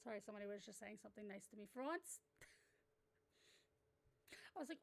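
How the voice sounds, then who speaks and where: A woman streaming as a VTuber, chatting casually with her viewers, excitable and swearing freely with loud outbursts. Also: mid-range voice, a little fast, gravelly, long pauses. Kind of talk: casual live-stream chat.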